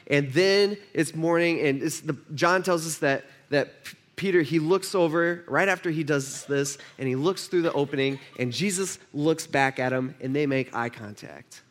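A man's voice: a little high, a little fast, a bit bright. A man preaching a sermon, retelling a scripture story in casual modern slang and acting out the characters' voices. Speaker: pastor.

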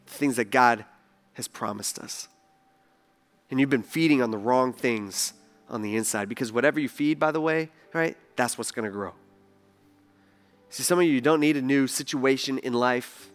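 A male pastor preaching a sermon in an animated way, acting out the voices he quotes and swinging between loud and soft. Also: mid-range voice.

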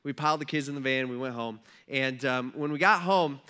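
A man's voice: medium pitch, brisk, pushed and bright, clear, resonant tone. A man in his thirties preaching a casual, conversational sermon, acting out Bible characters with humorous asides. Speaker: pastor.

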